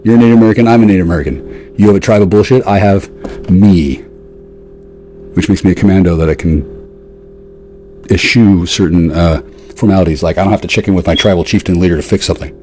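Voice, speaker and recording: In a one-sided rant aimed at an absent woman, a male vlogger is profane, sarcastic and confrontational, veering between jeering highs and muttered remarks. He speaks quickly but leaves long pauses, his tone mellow, over slight background noise.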